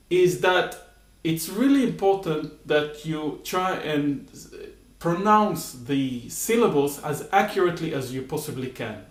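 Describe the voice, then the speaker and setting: A man teaches rhythm in a patient, explanatory way, with frequent small fillers and check-ins. His voice sits a little high for a man. The room around him rings with echo. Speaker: music teacher. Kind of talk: spoken rhythm lesson with sung syllable demonstrations.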